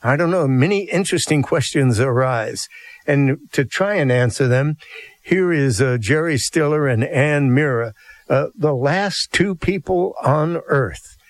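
A man's voice: fairly high pitch, expressive, measured pace, no room sound. A man hosting a TV show, introducing a sketch in a rambling, hesitant way with many fillers. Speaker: TV host.

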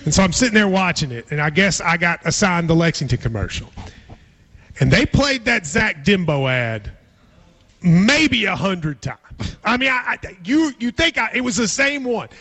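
A man hosting talk radio with a high, lively, bright voice. He has a slightly husky edge and laughs easily through casual banter. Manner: animated, laughs often, quick asides. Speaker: radio talk show host.

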